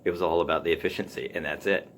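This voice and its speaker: A man hosting a solo podcast, musing aloud about writing in a halting way, full of ums and restarts. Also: deep voice, steady tone, slight background noise. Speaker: podcast host. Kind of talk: casual solo talk on writing.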